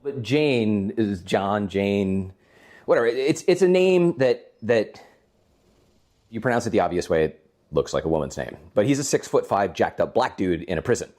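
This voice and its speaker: A man's voice: fairly low pitch, very animated, brisk, darkish tone. A man co-hosting a gaming stream from home, telling long rambling stories in casual chat and chuckling often. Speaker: co-host of a gaming channel.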